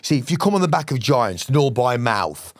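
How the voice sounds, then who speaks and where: A middle-aged man talks in a loose, rambling, passionate way, swearing freely. His voice sits at an ordinary male pitch. The sound is dry and close, with no room around it. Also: big pitch swings, normal speed, no room sound. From West Midlands, England. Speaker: musician guest. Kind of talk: casual interview chat.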